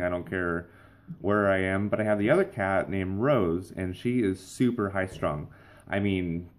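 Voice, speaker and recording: Young male vlog host, playful and rambling, slightly low voice. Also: a little mellow. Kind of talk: casual vlog monologue.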